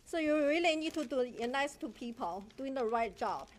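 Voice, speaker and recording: Woman, Chinese accent, high-pitched, indignant, broken English, accusing tone, public comment at a podium mic. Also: lively intonation, moderate pace. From China. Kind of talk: public comment at a council meeting. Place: council chamber.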